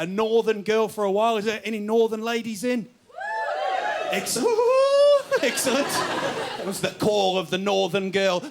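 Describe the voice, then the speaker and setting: A man from New Zealand with his accent, doing rambling stand-up with laughs and silly voices. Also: high-pitched. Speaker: stand-up comedian. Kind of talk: stand-up comedy. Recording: noisy stage recording.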